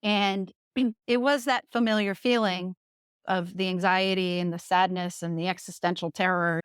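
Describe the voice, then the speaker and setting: A woman in her thirties from the Jersey Shore, a podcast guest candidly telling her own story with lively laughter. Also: fairly low pitch, moderate pace, clean tone, no echo, studio quality. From Jersey Shore, USA.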